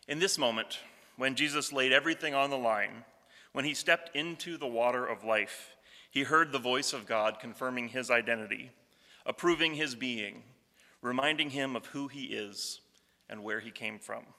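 A man with a bright, forceful tone delivers a reflective sermon at a measured pace. His voice rings out with a long reverb, as if recorded in a large hall. Quoted scripture comes slower and softer. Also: medium pitch. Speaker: pastor.

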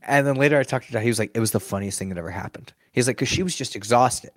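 A man's voice: on the low side, very fast, dry recording, clean studio sound. A man who performs as a sports mascot, telling stories in a casual interview, laughing often and acting out what people said. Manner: animated, laughs often, acts out quotes.

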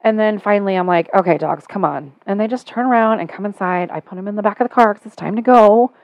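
A middle-aged woman hosting a casual podcast chat, telling a story with animated, sarcastic energy and getting louder as she goes. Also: mid-range voice, quick pace, no room sound, dull audio. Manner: animated storytelling, sarcastic when quoting herself.

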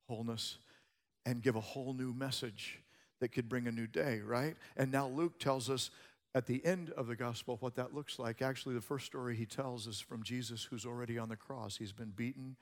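A man preaching a sermon as a pastor, moving between hushed passages and loud, emphatic ones. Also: medium pitch, in a large hall.

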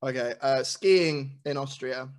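A man's voice: mid-range voice, measured pace. Hesitant Englishman with a slight London accent. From England. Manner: hesitant, many fillers. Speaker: podcast guest. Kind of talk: casual interview chat.

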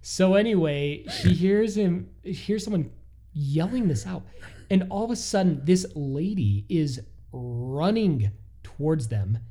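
A man co-hosting a podcast, telling a listener's story in a casual, animated way with frequent laughs. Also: a little high. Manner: animated, laughs often, quick asides. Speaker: podcast co-host.

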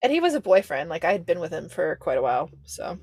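A young woman co-hosting a podcast, chatting casually with lots of fillers and quick asides. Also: fairly low pitch, big pitch swings, a little mellow, husky, no echo. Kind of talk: casual chat.

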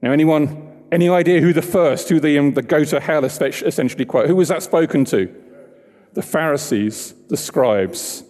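A man's voice: on the high side, moderate pace, darkish tone, big-room sound. A man preaching a sermon in a church, talking conversationally and asking the congregation questions.

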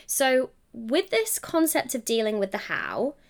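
A woman's voice: a little high, wildly swooping pitch, a little slow, vocal fry. A young woman hosting a solo podcast, talking in a chatty, encouraging way and correcting herself mid-sentence. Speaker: podcast host. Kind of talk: solo coaching podcast monologue.

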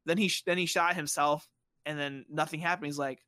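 An animated man from Bosnia tells a story on a podcast, his voice sitting a little high for a man. He jumps into squeaky voices for the people he quotes. The sound is dry and close to the mic. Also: a little fast, dry recording. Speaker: podcast host. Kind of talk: casual storytelling chat.

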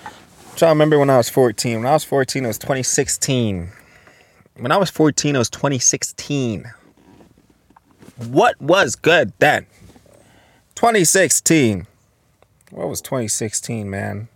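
A man's voice: medium pitch, animated, unhurried, long pauses. A young man in his twenties hosting a solo podcast, reading posts aloud and reacting bluntly with lots of profanity. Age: 20s. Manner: profane, blunt, reacts loudly to what he reads. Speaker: podcast host.

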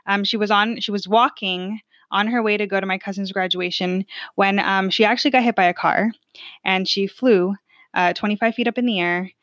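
A woman's voice: medium pitch, steady tone, normal speed, fairly bright tone, no room sound, highs cut off. A woman in her twenties telling a personal family story in a casual, chatty way, full of fillers. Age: 20s.

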